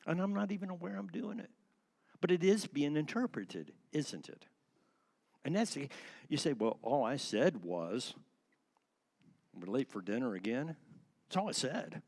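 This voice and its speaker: Older man, church class teacher, lively swinging pitch, laughs often. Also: unhurried, vocal fry, pauses often. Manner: lively, acts out quoted voices, laughs often. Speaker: church speaker on marriage. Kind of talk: animated talk to a class.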